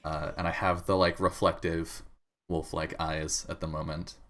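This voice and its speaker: A woman playing a tabletop game character, talking softly and a bit hesitantly. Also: rumbling low, flat delivery, normal speed, slight background noise. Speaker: player.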